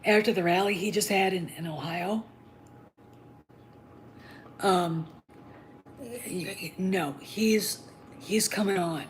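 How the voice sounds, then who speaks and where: Woman podcast host, low-pitched, opinionated solo talk with frequent fillers, faint hiss behind her. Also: takes it slowly, pauses often, poor audio. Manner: animated, blunt, swears freely, many fillers.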